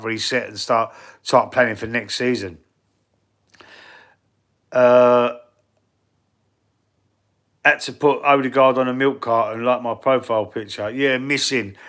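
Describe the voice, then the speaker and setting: A man's voice: mid-range voice, fairly even intonation, measured pace, long pauses, fairly bright tone. A man with a Cockney accent hosting a casual football live stream, blunt and swearing freely as he answers the chat. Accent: London Cockney. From England.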